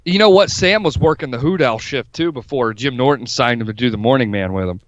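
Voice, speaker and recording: A man's voice: mid-range voice, fairly quick, no room sound. A man co-hosting a crude podcast chat, blunt, profane and matter-of-fact. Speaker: podcast co-host. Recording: dull dry lo-fi mic.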